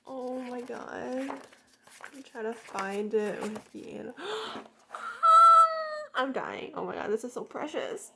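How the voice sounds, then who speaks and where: A woman with a high voice narrates an unboxing in a loose, casual way. She is gushing and excitable, prone to gasps and squeals. Now and then she drops to a hushed whisper. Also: measured pace, gravelly, background noise. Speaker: unboxing vlogger.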